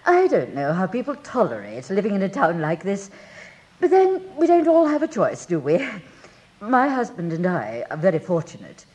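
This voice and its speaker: A woman's voice: mid-range voice, wildly swooping pitch, normal speed, a little mellow. An actress playing a refined, well-off lady from the country hiring a housekeeper, polite and hesitant, in a radio drama. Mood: genteel. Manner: polite, genteel, hesitant with ums.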